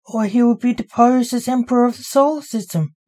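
A woman reading her own story aloud as its author, in an even, unhurried storybook narration. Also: fairly high pitch.

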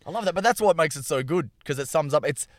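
A comedian talking fast and loosely in casual conversation. His voice sits a little high and the sound is dry and close, with no room echo. He rambles along and drops into quick impressions. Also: animated. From Australia. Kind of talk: casual podcast chat.

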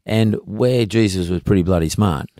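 A man's voice: low-pitched, normal speed, dark tone, no room sound, clean studio sound. A middle-aged Australian man hosting a podcast in casual interview chat, emphatic and folksy, often repeating himself as he makes a point. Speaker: podcast host.

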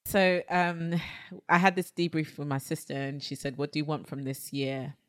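Low-voiced animated woman. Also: normal speed. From South London. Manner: animated storyteller, acts out quotes, exclaims. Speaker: baker and cafe owner, guest. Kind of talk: casual interview chat.

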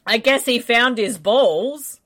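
A woman's voice: fairly high pitch, slow pace, a bit bright. A woman co-hosting a podcast, chatting wryly and laughing through casual movie commentary. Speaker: podcast co-host.

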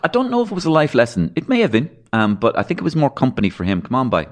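A man's voice: fairly high pitch, huge pitch swings, racing. An Irish man telling rambling, darkly funny stories from his childhood as a podcast guest. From Ireland. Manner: rambling anecdotal storyteller, dark humour, acts out voices. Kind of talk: storytelling in a podcast interview.

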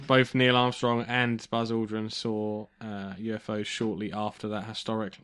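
Low-voiced earnest man. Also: level tone, moderate pace, fairly bright tone, clear, resonant tone. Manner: earnest, reads out claims matter-of-factly. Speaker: podcast co-host reading sources. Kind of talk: casual conversational podcast.

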